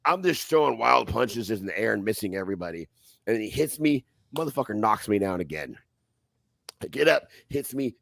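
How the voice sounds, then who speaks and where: A man on a podcast telling a wild fight story in a profane, animated way, acting out other people's voices loudly. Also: medium pitch, creaky, no echo, studio quality. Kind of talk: casual storytelling.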